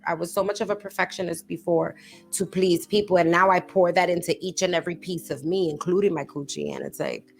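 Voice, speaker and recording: A woman's voice: on the low side, creaky. Frank, profane woman in her thirties. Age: 30s. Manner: candid, profane, emphatic, lots of fillers. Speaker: podcast co-host. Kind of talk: casual chat.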